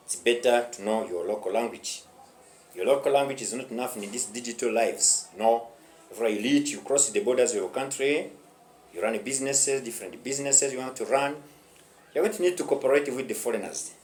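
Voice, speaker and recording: A man's voice: fairly low pitch, slight background noise. Emphatic man teaching English, echoey room. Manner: emphatic, repetitive, addresses viewers as dear friends. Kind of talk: online English lesson.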